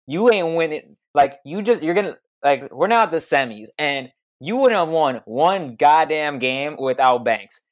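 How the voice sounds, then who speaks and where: A man's voice: fairly high pitch, expressive, a little slow, hardly any pauses. A young man in casual podcast chat, emphatic and slangy as he makes his point. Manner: emphatic, slangy, builds up arguments. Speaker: podcast co-host.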